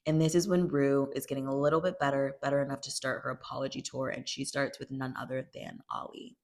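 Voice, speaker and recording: A young woman with a notably low, deep voice walks through a TV season in a loose, chatty recap. She peppers everything with "like" and slips into quick impressions of the characters. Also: level tone. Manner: chatty, acts out quotes with "she's like". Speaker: show recapper. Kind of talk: casual recap narration.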